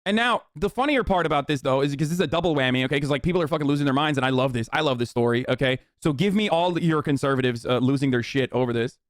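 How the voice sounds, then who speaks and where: Guy streamer ranting quick and cussing, kinda high voice, dead dry mic. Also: dry recording. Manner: profane, mocking, animated riffing. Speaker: streamer commentator. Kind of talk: casual reaction commentary.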